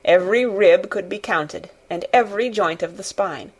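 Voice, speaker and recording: Woman, audiobook narrator, expressive storytelling, mid pitch. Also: moderate pace, breathy edge. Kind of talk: scripted narration.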